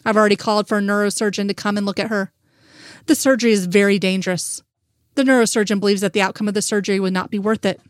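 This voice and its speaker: A woman voicing a male doctor who delivers grave news in a measured way, raising her pitch slightly. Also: flat delivery, no room sound, clean studio sound, lightly acted. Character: male doctor, calm and clinical.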